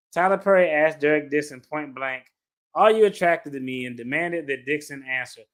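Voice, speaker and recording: A man's voice: fairly high pitch, fairly bright tone. Profane, blunt man reacting casually. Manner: blunt and profane, breaks into laughter, slangy asides. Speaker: attorney reacting to a lawsuit. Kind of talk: casual reaction commentary, reading a complaint aloud.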